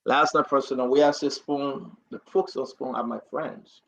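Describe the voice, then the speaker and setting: Gravelly man ranting on air. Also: mid-range voice, moderate pace, no room sound. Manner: repetitive, rising to animated outbursts. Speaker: talk show host. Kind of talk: impassioned political commentary. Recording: dry, dull lo-fi audio.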